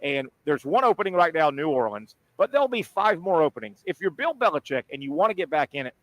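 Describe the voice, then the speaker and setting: A man's voice: on the high side, very animated, fast talker, dry recording, poor audio. A man co-hosting a casual sports talk show live from a sports bar, chatty and agreeable, often tossing in "right?" and "yeah". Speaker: sports radio co-host.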